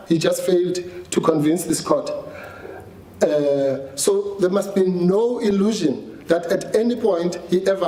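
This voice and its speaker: A man's voice: on the high side, warm tone. A man arguing before the court, restarting his sentences at times before making firm, assertive points. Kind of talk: courtroom legal argument. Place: large courtroom. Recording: roomy courtroom echo, faint hiss.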